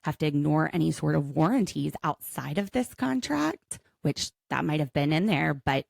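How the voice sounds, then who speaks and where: Woman podcast co-host, attorney, low voice, gravelly, chatty, quick quips, dry close sound. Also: expressive, darkish tone, dry recording. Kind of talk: casual podcast chat.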